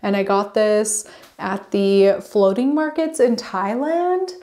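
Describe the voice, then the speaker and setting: A woman's voice: medium pitch, slow, dark tone. Chatty woman giving a rambling plant tour. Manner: chatty, rambling, goes off on tangents; bubbly, gushing. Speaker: plant vlogger. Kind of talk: casual home tour walkthrough. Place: home with plants.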